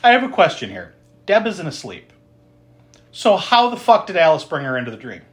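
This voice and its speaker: A man's voice: fairly high pitch, huge pitch swings, normal speed. A man co-hosting a podcast, casually retelling a horror film's plot with frequent laughter and swearing. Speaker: podcast co-host recapping a film.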